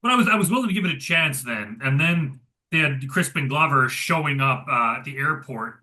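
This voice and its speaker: A man's voice: on the high side, expressive, fairly quick, pushed and bright. A man co-hosting a casual movie review chat, rambling with lots of filler words. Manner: rambling, heavy use of "like" fillers.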